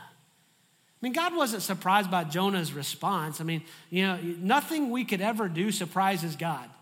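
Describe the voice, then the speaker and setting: High-voiced preacher in a hall. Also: male voice, unhurried. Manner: animated, humorous storytelling preacher. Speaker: pastor. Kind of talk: sermon.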